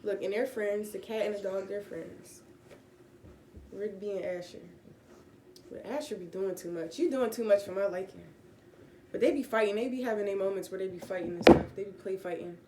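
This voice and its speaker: A woman giving a relaxed, casual Bible teaching from home, rambling with fillers and self-corrections. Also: mid-range voice, moderate pace, roomy sound, noisy background. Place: home room with pets.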